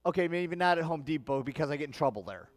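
Man, pastor, Midwestern accent, higher-pitched voice, earnest sermon, long church reverb. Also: lively intonation, quick pace. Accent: Midwestern American. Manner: earnest, conversational preaching with rising emphatic passages. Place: church sanctuary.

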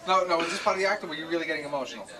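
A man's voice: fairly high pitch, expressive, racing. A male interviewer prodding a guest with playful questions. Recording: crowd noise, distant mic.

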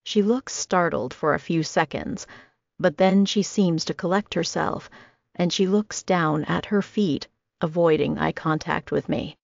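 Woman reading a dramatic audiobook, kinda gravelly, dry muffled recording. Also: on the low side, measured pace, dry recording. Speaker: audiobook narrator. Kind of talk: first-person audiobook narration.

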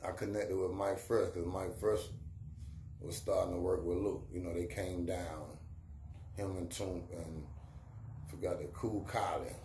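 A middle-aged rapper with a low, dark voice tells stories from his career at an unhurried pace, his intonation staying fairly even. He talks in casual street slang and acts out the voices of people he quotes. The room is echoey, with faint ambient noise.

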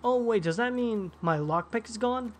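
A man's voice: sits high, moderate pace. A man playing a game and chatting casually, reading in-game notes aloud and reacting to them. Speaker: let's-play gamer.

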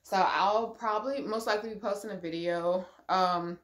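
A woman's voice: medium pitch, normal speed, fairly bright tone. Chatty young woman in an echoey room. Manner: chatty, gushing, many ums and likes. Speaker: vlogger. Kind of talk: casual pregnancy update vlog.

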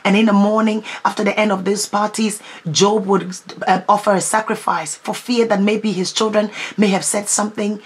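A woman's voice: mid-range voice, flat delivery, moderate pace, few pauses, slightly rough. A woman preacher delivering a fervent prayer-marathon sermon with repeated declarations. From United Kingdom. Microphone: livestream.

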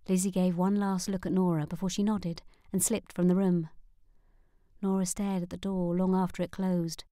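A woman narrating an audiobook in a measured, even manner. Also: fairly low pitch, no room sound. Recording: dry close studio sound.

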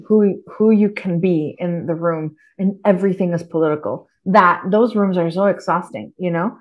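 Animated, swearing woman guest in casual chat. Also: mid-range voice. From Texas. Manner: animated, swears freely, laughs often. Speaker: podcast guest, writer.

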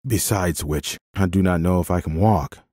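A learned young king speaks calmly with a dry wit, as a male audiobook reader plays him. His voice sits low and warm. The sound is close and dry. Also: normal speed, no echo. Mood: wry. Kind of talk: audiobook character voice.

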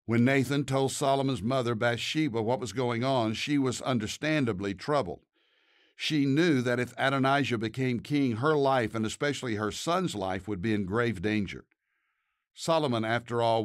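A man's voice: medium pitch, dry recording. Earnest male pastor, dry studio sound. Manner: earnest, measured delivery. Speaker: pastor and podcast host. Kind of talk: scripted devotional narration and prayer.

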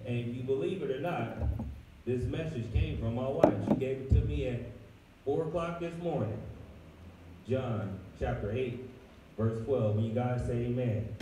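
A man preaching a folksy, animated sermon as pastor. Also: medium pitch, slight background noise. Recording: echoey room, far from the mic, music behind.

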